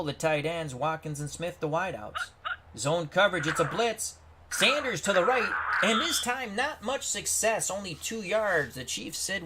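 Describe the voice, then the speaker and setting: A man giving play-by-play commentary on a computer football game, bursting into shouts at big plays and reading viewer chat aloud. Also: on the high side, a little hiss or hum. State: out of breath.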